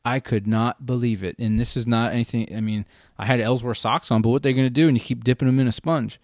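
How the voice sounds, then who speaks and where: A man's voice: mid-range voice, steady tone, fast talker, darkish tone, no echo, clean studio sound. A man hosting a casual talk show, talking animatedly and frankly and swearing freely. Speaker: podcast host. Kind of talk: casual hunting gear chat.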